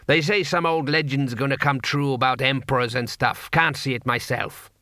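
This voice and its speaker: A man's voice: mid-range voice, fairly even intonation, moderate pace, bright, forceful tone, dry recording, clean studio sound, close to an everyday voice. A man voicing a shrewd, casual male street trader who talks in an offhand, unbothered drawl.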